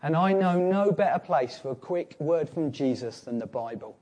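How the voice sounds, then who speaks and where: A man preaching a sermon with a fairly high voice. He tells the story in an animated way, pushing some lines loud and dropping others to a near hush. His pitch rises and falls widely as he acts out each scene. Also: moderate pace.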